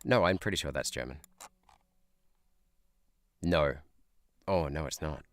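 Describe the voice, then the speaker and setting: A man's voice: rumbling low, takes it slowly, long pauses, dry recording. A man who is a teacher, streaming a guessing game live, thinking aloud in a chatty way and laughing often. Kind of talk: live gameplay chat.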